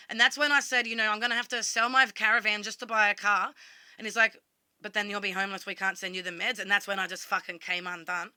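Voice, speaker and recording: Bright-voiced Australian woman telling stories. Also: medium pitch, little pitch movement, quick pace, no echo. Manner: blunt, swears freely, quotes herself. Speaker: vlogger. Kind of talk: casual storytelling vlog.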